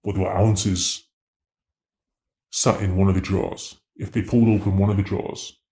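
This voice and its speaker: Low, mellow man telling stories. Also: moderate pace, echoey room. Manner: slangy, animated storyteller acting out dialogue. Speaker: interviewee, former drug dealer. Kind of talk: storytelling interview.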